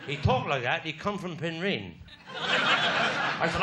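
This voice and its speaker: A man's voice: fairly high pitch, lively intonation, unhurried, long pauses, heavy background noise. A man with a Cornish accent telling bawdy stand-up stories in a broad, yarn-spinning way. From Cornwall. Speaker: stand-up comedian. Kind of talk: stand-up storytelling.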